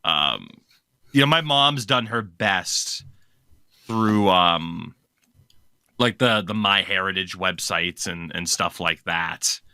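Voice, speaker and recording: A man hosting a casual hockey podcast, chatty and quick to laugh. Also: deep voice, clean tone, dry recording, clean studio sound. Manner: chatty, laughs often, animated storytelling. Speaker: podcast host.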